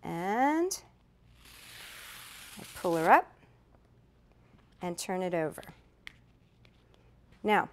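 Middle-aged lady walking thru a craft project, chatty, fixes her own slips as she goes, medium pitch. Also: lively intonation, slow, long pauses, fairly bright tone. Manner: chatty, self-correcting, demonstrating as she works. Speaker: craft instructor. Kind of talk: step-by-step craft tutorial.

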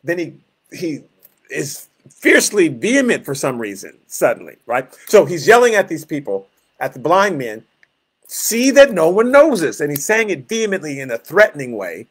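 A pastor leading a Bible study, explaining verses in plain words and acting out scenes with growls and groans. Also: male voice, a little high, very animated, moderate pace, fairly bright tone, husky.

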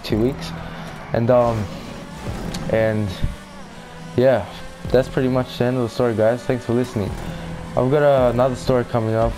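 A man's voice: mid-range voice, rough recording. A young man telling a rambling, casual storytime for his gaming channel, full of fillers and swearing.

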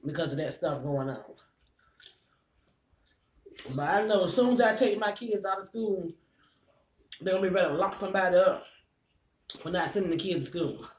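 This food vlogger, a man with a stuffy nose, talks to his y'all audience while eating at home, pausing often and breathing somewhat hard between bites. His high voice moves at a moderate pace, and the roomy recording carries a little hiss or hum.

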